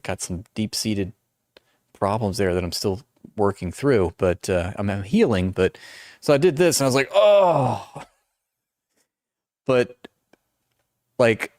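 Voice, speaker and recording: In his forties, this man hosts a livestream and chats casually, rambling, poking fun at himself and restarting often. His voice sits on the low side and is a little mellow, recorded in studio quality with no room sound through noise-canceling headphones.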